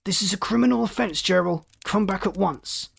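A stern male ship captain delivering official commands and charges, as a reader puts him on. His delivery is formal and a touch raised in pitch. A figure of authority in a storybook. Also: moderate pace, vocal fry, slightly rough, exaggerated voice.

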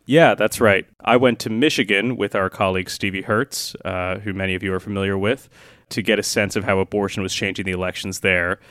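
American man, correspondent, very deep voice, punchy tone, dry humor, dead-dry recording. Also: fairly even intonation, a little fast, fairly bright tone, dry recording. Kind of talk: conversational news chat.

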